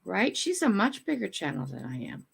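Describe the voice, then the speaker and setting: A woman's voice: mid-range voice, sing-song, moderate pace, creaky, breathy edge. An older woman hosting a casual morning livestream from home, chatting with viewers and talking to her dogs in a rambling way. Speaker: livestream host. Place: home room.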